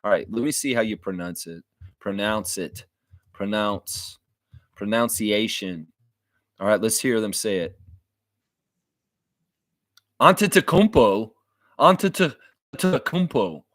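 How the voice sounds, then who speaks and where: A man's voice: on the low side, a little slow, no room sound. A man hosting a casual sports fan livestream, rambling and self-mocking, often repeating his words. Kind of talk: casual live-stream chat.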